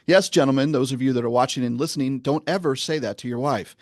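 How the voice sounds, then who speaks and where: Guesting on a podcast, a men's coach lays out a lesson in a middle-pitched, slightly mellow voice, earnest and measured, slowing to stress key points. It's recorded close and dry, without any room sound.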